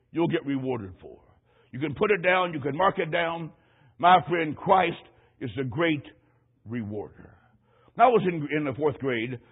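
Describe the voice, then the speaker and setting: A man's voice: a little high, husky. A man preaching a sermon, telling a childhood story with emphatic, rising delivery. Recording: tinny phone-like radio broadcast.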